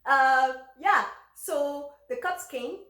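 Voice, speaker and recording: A woman's voice: high voice, drawn-out words, bright, forceful tone. A woman telling a personal story in a casual, chatty way, recorded in an echoey room. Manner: chatty, lots of fillers and restarts. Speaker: vlogger.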